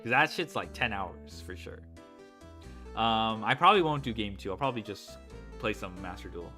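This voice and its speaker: A man's voice: lowish voice, expressive, moderate pace, pushed and bright, faint music behind. A man casually chatting while playing a game, rambling and swearing freely. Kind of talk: casual let's-play commentary.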